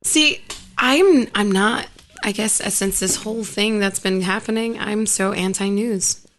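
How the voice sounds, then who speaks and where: A woman guesting on a casual podcast chat, expressive and dramatic, quick to exclaim. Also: medium pitch, slight background noise.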